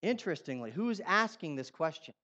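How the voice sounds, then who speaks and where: A man preaching a sermon, swinging between loud declarations and quiet asides, putting questions to his congregation. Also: a little high, big pitch swings, brisk. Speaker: pastor. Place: church.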